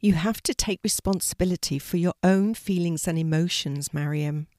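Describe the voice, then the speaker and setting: Gentle guardian angel lady, storyteller doing her, soft and patient, giving advice. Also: lowish voice, moderate pace, no room sound, natural voice. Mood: advising.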